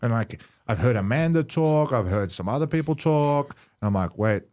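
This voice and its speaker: A man's voice: mid-range voice, a little hiss or hum. Aussie dude on a podcast, voice jumps all over, laughing and cursing through his stories. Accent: Australian. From Australia. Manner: animated, laughing, swearing, quick storytelling. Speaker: podcast host. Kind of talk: casual chat.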